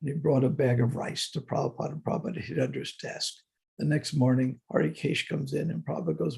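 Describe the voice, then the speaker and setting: A man giving a morning scripture class in a temple, telling stories in an animated way. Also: a little high, a little fast, creaky, breathy edge. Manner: animated storytelling. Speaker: class teacher. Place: temple hall.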